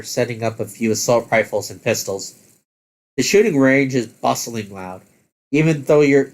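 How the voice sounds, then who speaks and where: A man reading a text adventure aloud as game master, halting and correcting himself as he goes. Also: mid-range voice.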